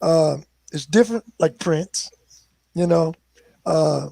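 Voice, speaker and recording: Older male guest musician, high gravelly voice, dry sound, lively storyteller. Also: slow, no echo. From Philadelphia. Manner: animated, acts out quoted voices. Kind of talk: casual storytelling.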